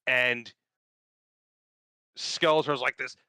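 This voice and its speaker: A man talking loosely on a podcast, swearing freely and rambling with eager excitement. His voice is bright and forceful, crisp and smooth, and the recording is dry and close. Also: medium pitch, takes it slowly, no room sound, rough recording. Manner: profane, enthusiastic, rambling with fillers. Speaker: podcast co-host. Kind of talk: casual chat, recapping a cartoon series.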